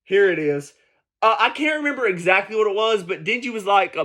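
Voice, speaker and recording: Male vlogger, high-pitched, emphatic and profane, casual heated commentary. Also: animated, normal speed, fairly bright tone. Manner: emphatic, profane, repeats points for stress.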